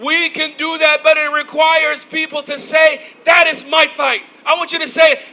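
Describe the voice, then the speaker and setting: A man giving an impassioned, shouted rally speech outdoors, rousing the crowd with call-and-response. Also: very high voice, level tone, moderate pace, poor audio. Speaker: rally speaker.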